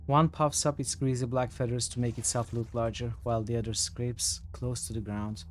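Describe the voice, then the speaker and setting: A man's voice: level tone, normal speed, a little hiss or hum. Man reading game text on stream. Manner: thinks aloud, reads narration in a lower, quieter voice. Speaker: streamer playing a role-playing game. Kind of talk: reading game text aloud and commenting casually.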